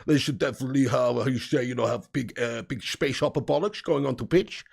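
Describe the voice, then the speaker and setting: A man doing an impression of a Dutch football manager, with a put-on Dutch accent, pausing to search for words. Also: mid-range voice, creaky, darkish tone, voice pushed down. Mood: mock-serious. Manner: halting, with how-you-say pauses.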